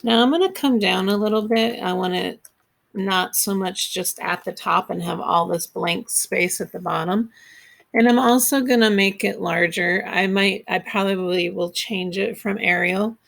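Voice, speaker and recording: A woman's voice: medium pitch, normal speed, creaky, a bit bright. A woman teacher walking her students step by step through a class project in a screen-recorded tutorial, patient and instructive.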